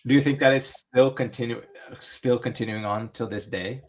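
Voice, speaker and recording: A man with a mid-range voice in casual podcast chat. He reasons out loud, poses questions, and checks in with "right?" as he goes. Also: mid-range voice, steady tone, normal speed. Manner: questioning, reasoning aloud with "right?" and "you know what I mean?". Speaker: podcast co-host.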